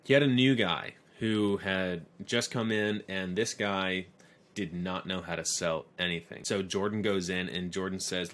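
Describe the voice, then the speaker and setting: A man's voice: deep voice, steady tone, a little slow, fairly bright tone. A man teaching an online course lesson, telling stories in a conversational way. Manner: conversational storyteller. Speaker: course instructor.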